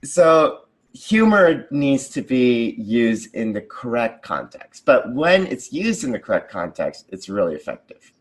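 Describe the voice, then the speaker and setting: A man's voice: mid-range voice, big pitch swings, a little slow. A man, a conversation designer, answering interview questions eagerly over a video call, with frequent ums and likes. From United States. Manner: earnest, enthusiastic, many ums and likes.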